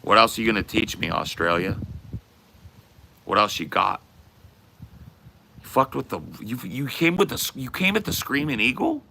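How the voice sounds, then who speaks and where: A man's voice: lowish voice, expressive, moderate pace, vocal fry, pauses often, pushed and bright, a little hiss or hum. Brash, trash-talking male streamer. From US West Coast. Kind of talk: casual livestream rant.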